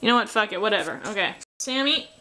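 A woman's voice: mid-range voice, lively intonation, fast, heavy background noise. A young Canadian woman with a Canadian accent talks her way through a drawing tutorial. She is dry and self-mocking, and she often trails off into muttered asides while she works. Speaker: artist drawing tutorial host. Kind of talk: casual drawing commentary.

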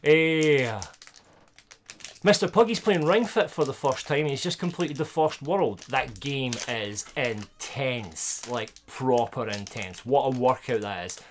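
A Scottish man live-streaming himself opening trading card packs, chatting casually with viewers and getting loud and excited over good pulls. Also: mid-range voice, slow, slight background noise.

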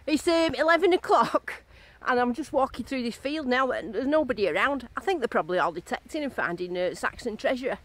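Bubbly and giggly, this English woman gushes to her handheld camera in a casual metal detecting vlog shot at a field rally and partly in a car. Her voice is a little high and a little fast, with lively intonation and a fairly bright tone, and there's no room sound.

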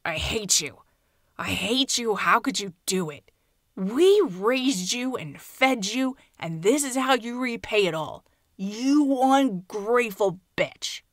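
A drunk, bitter aunt spits out slow, furious accusations, as a woman narrator puts her on. Her voice sits a little high and drags each word out. The recording is dry and close, with no room sound. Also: expressive, no room sound. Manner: slow, loud, raging accusations.

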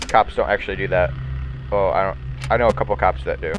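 A man's voice: low voice, fairly even intonation, quick pace, slight background noise, poor audio. A man hosting a gaming video, rambling and joking to himself through let's-play commentary. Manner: rambling, jokey self-talk.

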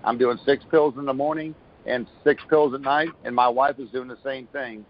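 A man talks through a long, upbeat testimonial, rambling and restarting as he goes. His pitch sits right in the middle of the range. The call comes through muffled and lo-fi. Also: fairly even intonation, normal speed. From Florida. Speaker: caller giving a product testimonial. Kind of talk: casual phone call testimony.

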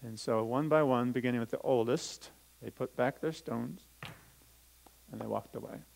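Gravelly-voiced pastor speaking to children. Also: male voice, mid-range voice, normal speed, a little mellow, poor audio. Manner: reads scripture aloud, then explains it simply to children. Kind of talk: children's talk. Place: church sanctuary.

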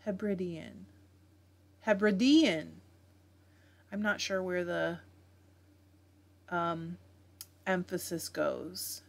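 A woman's voice: lowish voice, fairly even intonation, very slow, gravelly, long pauses, a bit bright. A woman with a Southern US accent hosting a live fiber arts stream, chatting casually and reading viewer comments aloud with frequent laughs.

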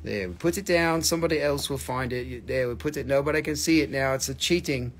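A man's voice: mid-range voice, fast talker. A man hosting a live crystal sale stream, joking playfully and chatting with viewers as he shows each piece. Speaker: host selling crystals on a livestream. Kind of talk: live sales stream chat.

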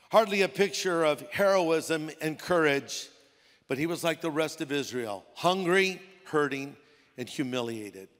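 Male pastor, high voice, casual storytelling sermon in a reverberant auditorium. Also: fairly bright tone. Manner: conversational preaching with playful put-on voices. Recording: long hall reverb.

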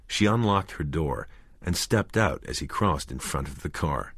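A man narrating an audiobook in a measured, expressive way. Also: very deep voice, husky, no echo, studio quality.

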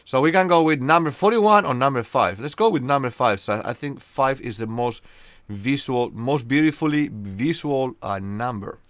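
This young Spanish man speaks with a Spanish accent at a medium pitch with a slightly bright tone. He jokes around with viewers during a live game stream, often pausing on fillers, and there's no room sound.

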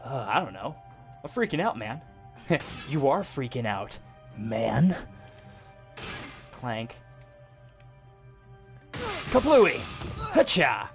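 A young man giving casual gameplay commentary, jokey, swearing a lot and exclaiming loudly. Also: medium pitch, lively intonation, slow pace, long pauses, faint music behind. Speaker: gaming streamer.

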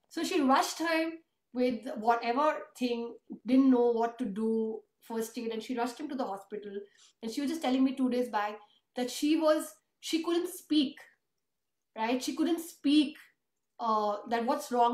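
Woman telling a heartfelt story, high voice, pretty echoey room. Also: moderate pace, darkish tone. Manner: earnest, emotional storytelling. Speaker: host and author. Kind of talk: conversational interview. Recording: roomy echo.

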